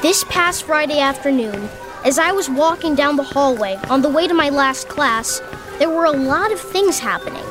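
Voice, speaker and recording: A woman voices an overdramatic schoolboy in a radio drama, gloomily narrating his doom in a high voice. Loud music plays right under the voice. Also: animated, normal speed. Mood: gloomy. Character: anxious schoolboy, dramatic and self-pitying.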